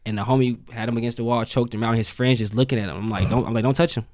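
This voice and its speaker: A young man tells a long story on a casual podcast. His voice sits at an ordinary middle pitch and swings up when he acts out what other people said. The sound is close and dry, with no room around it. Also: racing, no echo. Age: young adult. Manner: animated storyteller who acts out quoted lines. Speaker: podcast guest.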